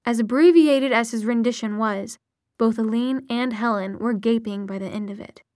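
Woman, audiobook narration, steady measured delivery, higher voice, dry close recording. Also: no echo.

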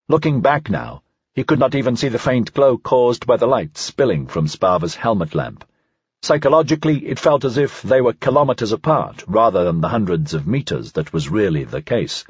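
A man giving a scripted, evenly measured narration of an audiobook. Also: fairly low pitch, slightly rough, dry recording, dull audio.

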